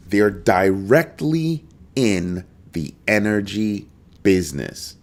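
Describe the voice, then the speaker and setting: A man's voice: deep voice, animated, unhurried. A man hosting a live crypto show, talking emphatically and animatedly to his viewers and greeting people in the chat. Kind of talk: live-stream commentary.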